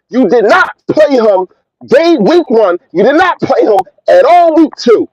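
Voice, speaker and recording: A man's voice: very high voice, expressive, normal speed, no echo, poor audio. A man hosting a fan livestream, ranting in a heated, emphatic way and repeating his points. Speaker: fan channel host.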